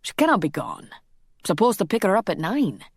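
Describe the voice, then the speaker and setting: A woman's voice: mid-range voice, big pitch swings, brisk, gravelly, slightly rough, no echo, clean studio sound, heavily acted. Woman voicing a curt Scottish vampire man. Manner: curt, clipped retorts. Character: brooding Scottish male vampire, quick-tempered.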